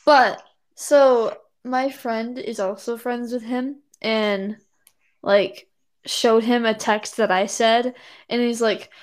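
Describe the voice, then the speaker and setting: A woman's voice: a little high, steady tone, takes it slowly, clean tone. A woman telling a story in casual chat, rambling and full of "like" and "anyways".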